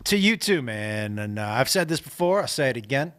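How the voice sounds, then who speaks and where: A man's voice: medium pitch, big pitch swings, a little fast, a bit bright. A man co-hosting a podcast in casual chat, bantering playfully and boastfully. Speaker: podcast co-host.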